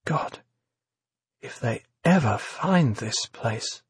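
A man's voice: fairly high pitch, animated, moderate pace, a little mellow, breathy edge, dry recording, studio quality. A man doing a startled, wary young woman. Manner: hesitant, nervous questioning.

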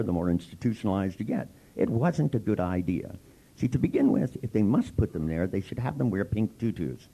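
Gravelly low-voiced storytelling man. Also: rough recording. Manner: wry, animated, acts out every voice. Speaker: seminar speaker and therapist. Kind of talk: comic storytelling lecture.

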